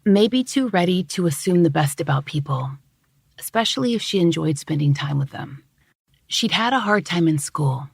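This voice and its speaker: A woman host reading scripted true-crime narration in a measured, even way. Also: on the low side, gravelly, husky, no echo, studio quality. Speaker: podcast host.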